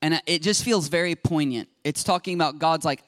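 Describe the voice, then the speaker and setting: A man preaches a sermon in a casual, storytelling way, tossing chatty asides to his congregation. His voice sits a little high for a man. The sound is dry and close. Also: fairly quick, fairly bright tone, no echo. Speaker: pastor. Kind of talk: conversational sermon.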